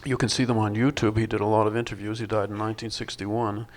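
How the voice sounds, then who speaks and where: A man's voice: fairly low pitch, little pitch movement, quick pace. An older male film director at a festival panel, answering in a thoughtful, wry way with many restarts.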